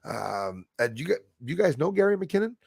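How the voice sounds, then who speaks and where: Gravelly man rambling on a live stream. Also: a little high, sing-song, brisk, dry recording, studio quality. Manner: rambling, hesitant, many fillers and restarts. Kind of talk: casual live stream chat.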